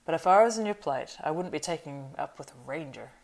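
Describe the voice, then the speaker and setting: A woman puts on a stout, fussy male innkeeper in a storybook reading. He talks loud and rambling, always flustered, with his voice pushed up high and bright. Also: animated, fairly quick. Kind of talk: audiobook reading.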